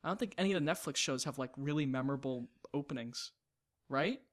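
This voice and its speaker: A man co-hosting a podcast in casual chat, animated and opinionated, often laughing mid-sentence. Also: medium pitch, fast talker. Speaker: podcast co-host.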